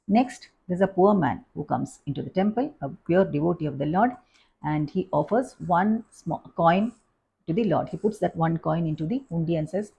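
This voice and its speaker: A woman teaching a devotional lesson, telling a scripture story in a halting, pausing way. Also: lowish voice, lively intonation, creaky, dark tone, breathy edge. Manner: halting, with frequent pauses and fillers. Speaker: spiritual teacher.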